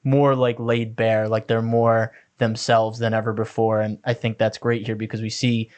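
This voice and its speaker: A man's voice: lowish voice, level tone, moderate pace, darkish tone. A man co-hosting a podcast, chatting casually and enthusiastically about an anime episode, with many "like" fillers. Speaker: podcast co-host.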